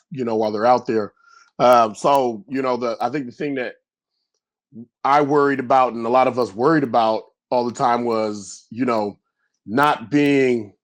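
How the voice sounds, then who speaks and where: A middle-aged man, a former pro football player, telling loose, rambling stories in a casual podcast interview and acting out yelling coaches. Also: medium pitch. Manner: animated storyteller, acts out coaches yelling; loose, rambling with many restarts.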